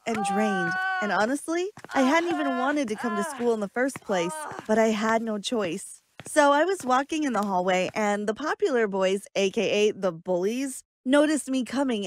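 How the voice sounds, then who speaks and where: A woman reading a scripted first-person story with earnest, dramatic delivery. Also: on the high side. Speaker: story narrator.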